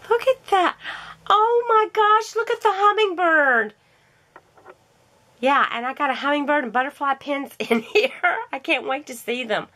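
A woman's voice: high voice, a bit bright. Gushing, gasping woman unboxing a haul. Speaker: crafting vlogger.

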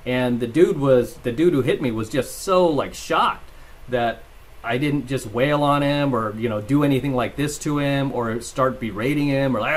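A man's voice: mid-range voice, moderate pace. A man hosting his own vlog. He rambles through casual commentary and stories, laughs as he talks, and keeps asking "right?". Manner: rambling, tags lines with "right?"; laughs while telling stories. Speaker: channel host.

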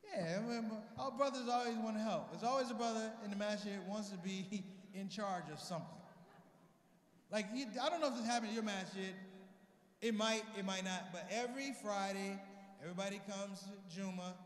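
A male stand-up comic with a high voice tells animated stories on stage, slipping into his relatives' voices. His voice echoes through a large convention hall with a long reverb tail. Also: fairly quick. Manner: animated storytelling, acting out family. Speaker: stand-up comedian. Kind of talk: stand-up comedy set.

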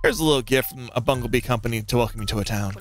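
A man voicing a folksy, cheerful delivery fella while reading game dialogue aloud, in a chirpy sales-pitch manner. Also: rapid-fire, faint music behind, lightly acted.

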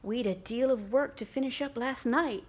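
A woman's voice: on the high side, moderate pace, slightly rough, voice pushed up. A woman reading aloud and voicing a dutiful young working daughter who speaks plainly and earnestly.

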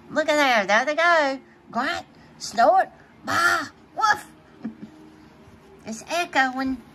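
A woman reads a children's storybook aloud in a high, bright voice that swoops up and down. She takes it slow and playful and laughs often between pages. A faint hiss sits under the recording. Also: expressive. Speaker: storybook reader. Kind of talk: reading a picture book aloud to children.

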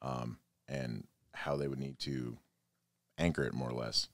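A man's voice: extremely low pitch, steady tone, measured pace, a bit bright, dry recording. A man, a podcast guest, chatting casually and reading news aloud with offhand jokes in a studio.

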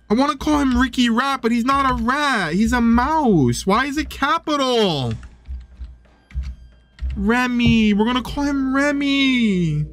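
Young male gaming host, high lively voice, excitable and chatty, home desk mic, soft game music underneath. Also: normal speed. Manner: excitable, coos and gasps, chatty asides. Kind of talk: let's play commentary.

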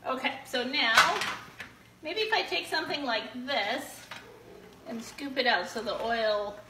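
This bubbly woman hosts a live giveaway show from her home kitchen, frying tortilla chips and chatting with viewers amid frequent whoops. Her voice is a little high with lively intonation and a measured pace. A distant mic leaves her a bit off-mic, with roomy echo and faint room noise.

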